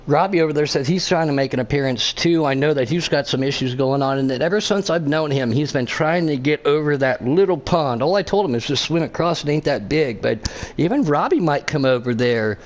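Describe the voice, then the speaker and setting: A man's voice: a little high, expressive, a little fast. A man giving casual, joking commentary on an online race, laughing often. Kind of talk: casual sim-racing commentary.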